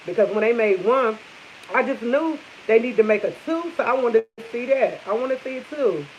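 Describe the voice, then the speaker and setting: A woman's voice: fairly high pitch, lively intonation, normal speed. A woman vlogger chatting casually with live viewers over morning coffee, rambling and repeating herself. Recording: dull lo-fi sound with faint hiss.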